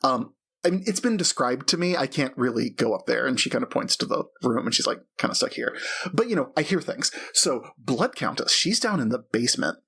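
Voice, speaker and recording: A man's voice: medium pitch, big pitch swings, brisk, creaky, bright, forceful tone, husky. A man narrating as game master of a tabletop role-play game, chatty and full of fillers. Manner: chatty and hesitant, many fillers.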